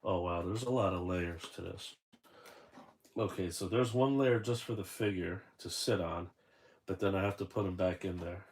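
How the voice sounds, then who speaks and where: A man's voice: sits low, moderate pace, darkish tone. A man unboxing a toy figure and chatting casually, rambling and correcting himself as he tells a story.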